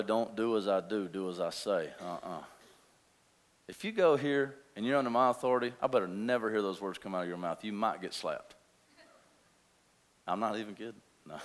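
A pastor in his thirties with a mid-range voice preaches a sermon, repeating points emphatically and swinging between forceful declarations and hushed, intense asides. The sound has a big-room quality.

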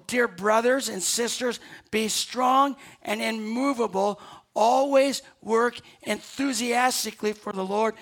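A man's voice: sits high, creaky, fairly bright tone. A man preaching a sermon to his church, repeating key lines for emphasis and telling stories with quoted dialogue. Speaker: pastor.

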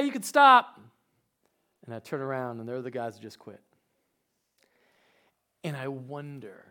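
A male pastor preaching, telling personal stories, dropping to quiet asides and rising to shouted emphasis. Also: medium pitch. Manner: storytelling, swings from hushed asides to shouted emphasis. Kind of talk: sermon.

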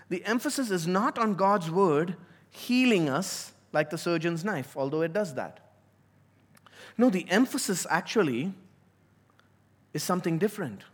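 A man preaching a sermon as a pastor, earnest and emphatic, slowing down to stress key words. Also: high voice, lively intonation, slightly rough.

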